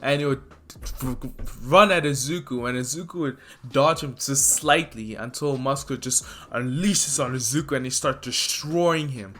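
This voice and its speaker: A man's voice: mid-range voice, normal speed, a bit bright. A man telling an improvised fan story in a loose, rambling way full of fillers.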